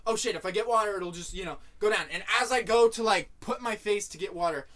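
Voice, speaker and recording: A young man spins a comic story for his friends in a bright, forceful voice. He swears freely and acts out his own past lines as he goes. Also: high-pitched, fast.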